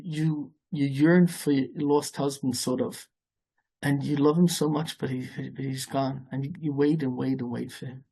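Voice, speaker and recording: A rabbi preaches in a loose, halting style, circling back and restarting his phrases. His voice is a man's, husky and a little raspy, and sits somewhat high. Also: mellow. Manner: rambling, halting delivery with many restarts, mixing Hebrew and Yiddish terms. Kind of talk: sermon.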